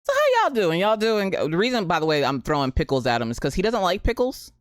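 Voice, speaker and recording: A woman's voice: lowish voice, a little fast, no echo, clean studio sound. A woman in her thirties chatting casually on a live stream, greeting viewers by name and telling a story. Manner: animated, greets chat by name, Southern "y'all".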